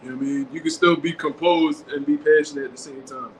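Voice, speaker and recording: A man hosting a casual commentary show, talking in animated slang. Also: on the high side, fast. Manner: animated, slangy, acts out quotes. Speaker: boxing show host. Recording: echoey room with faint background noise.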